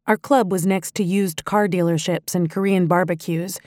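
A woman narrating a first-person audiobook in a measured, even storytelling manner. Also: lowish voice, dry recording, clean studio sound.

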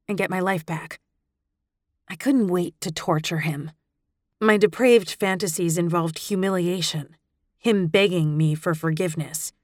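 Low-voiced woman reading an audiobook. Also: no room sound, studio quality. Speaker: audiobook narrator. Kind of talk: first-person audiobook narration.

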